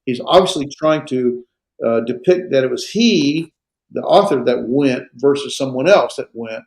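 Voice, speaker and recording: A man lecturing on grammar to a small class, his voice gravelly with a creaky edge. He talks in halting bursts, full of "uh" and restarts. The sound is roomy and echoey. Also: medium pitch, a little mellow. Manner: hesitant, many fillers and restarts. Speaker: Greek instructor.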